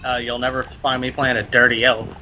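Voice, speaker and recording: A man's voice: medium pitch, flat delivery, fairly quick, music in the background, rough recording. A young man chatting casually during a game stream, brash and joking with crude humor. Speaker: stream guest. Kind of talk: casual chat while gaming.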